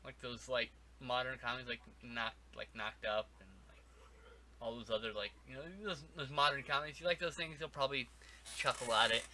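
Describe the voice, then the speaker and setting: A man's voice: mid-range voice, fairly even intonation, brisk, bright, forceful tone. A man co-hosting a podcast, talking about a film in a rambling, wry way full of "like" and restarts. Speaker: podcast co-host. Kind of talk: casual movie review chat.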